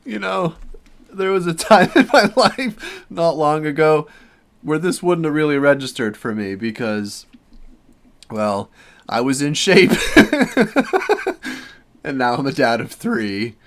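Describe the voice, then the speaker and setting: A man's voice: a little high, very animated, slow pace, pauses often, fairly bright tone. A man in his thirties casually commenting on a clip, laughing along. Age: 30s. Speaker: reaction channel host.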